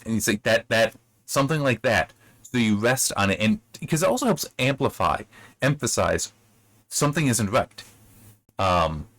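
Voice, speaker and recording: A man giving a casual spoken critique of a book chapter, rambling with many restarts and sudden rises in pitch when he gets worked up. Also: fairly bright tone, no room sound. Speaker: book reviewer.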